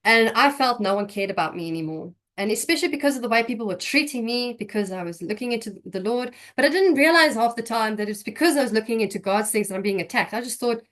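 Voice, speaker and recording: A young woman with a fairly high voice tells her own story of faith. She speaks in an emotional, halting way and often breaks off to restart her sentences. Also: lively intonation, fairly bright tone. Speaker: guest giving testimony. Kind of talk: personal faith testimony.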